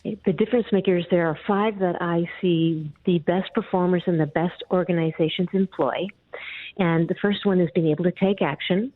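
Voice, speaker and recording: A woman speaks on a radio show over a thin, phone-quality line, her voice slightly low and dry. She explains things in a calm, measured way. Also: dry recording. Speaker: guest author. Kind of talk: radio interview.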